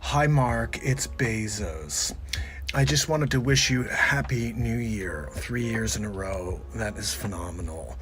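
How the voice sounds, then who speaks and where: A man doing a smug, slow-talking billionaire. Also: fairly low pitch, a bit bright, slight background noise. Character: slow, self-satisfied male retail billionaire. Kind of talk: comedic impression.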